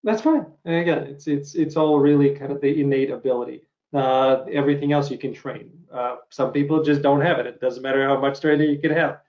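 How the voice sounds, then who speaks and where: A man interviewing a guest in a relaxed way, with many fillers and nods of agreement. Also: medium pitch, fairly quick, few pauses, echoey room, highs cut off. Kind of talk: casual interview.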